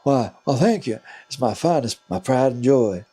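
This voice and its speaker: A man voicing a loud male tavern barkeep in a game, with an attempted drawl in the style of a famous singer. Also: mid-range voice, expressive, normal speed, husky, faint music behind. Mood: boastful.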